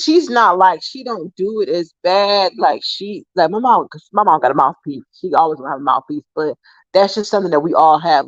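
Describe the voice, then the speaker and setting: A young adult woman casually telling stories to her viewers in an animated, profane, laughing way. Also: no echo. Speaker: vlogger. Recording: dull, dry low-fi sound.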